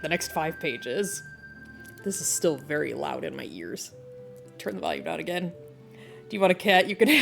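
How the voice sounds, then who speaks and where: A woman chatting casually with her live-stream viewers while she draws, laughing often. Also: on the low side. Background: video game music playing.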